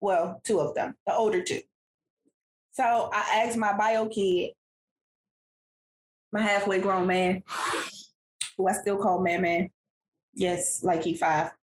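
A woman, casually telling a family story as a podcast co-host, animated and laughing often. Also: mid-range voice, takes it slowly, pauses often, a little hiss or hum. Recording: echoey room.

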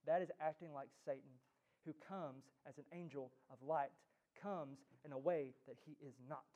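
A pastor preaching a sermon in church, joking and teasing, with sudden loud jabs. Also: male voice, high-pitched.

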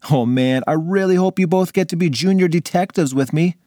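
A man voicing an eager young schoolboy who gushes with excitement. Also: fairly high pitch, brisk, dry recording, studio quality, pitched above the performer's own voice, close to an everyday voice. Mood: excited.

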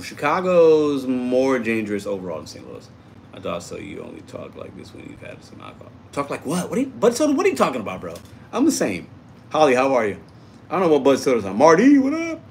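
A man's voice: lowish voice, a little hiss or hum. A man hosting a casual livestream, reading out and answering viewer comments in an upbeat, chatty way. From Puerto Rico. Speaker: livestream host reading chat.

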